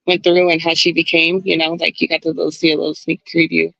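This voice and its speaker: Gravelly-voiced woman hosting a book club. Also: low-pitched, fast talker, no room sound, muffled recording. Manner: animated, swears freely. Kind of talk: casual podcast discussion. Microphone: video call.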